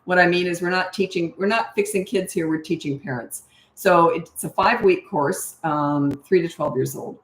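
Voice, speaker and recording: Parenting coach lady, kinda low voice, breezy no-nonsense answers, sing-songy when she acts out what parents say. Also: normal speed. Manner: breezy and matter-of-fact, acts out parent lines in a bright sing-song. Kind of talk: casual Q&A livestream. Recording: echoey room.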